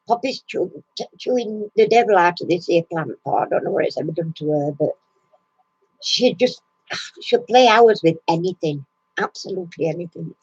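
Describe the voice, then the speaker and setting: A woman's voice: lowish voice, lively intonation, moderate pace, long pauses, a little mellow, slightly rough, no room sound, highs cut off. A woman hosting a casual live chat from her recliner at home, chatty and laughing often. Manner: chatty, laughs often, coos baby talk to her dog. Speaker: live stream host.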